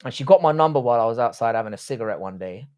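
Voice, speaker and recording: A man's voice: mid-range voice, expressive, very fast, a little mellow, smooth. Blunt, swearing raised man. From Irish, raised in southwest London. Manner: blunt and profane, reads chat questions aloud then answers. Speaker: livestream panelist answering chat. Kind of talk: casual livestream chat.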